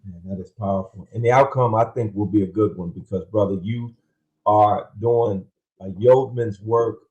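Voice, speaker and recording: A man's voice: on the low side, steady tone, normal speed, muffled recording. A man in casual conversation, affirming and chiming in with agreement.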